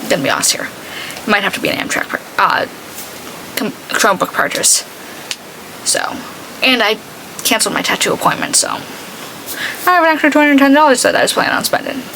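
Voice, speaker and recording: A woman's voice: on the high side, sing-song, a little fast, vocal fry, long pauses, bright, forceful tone, a little hiss or hum, rough recording. Chatty young woman, rambling makeup vlog. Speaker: beauty vlogger. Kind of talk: casual chat while doing makeup.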